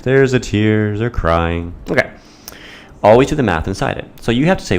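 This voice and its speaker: A man's voice: sits low, animated, moderate pace. A man teaching a math lesson in a playful, theatrical way. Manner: playful, theatrical, acts out students' voices.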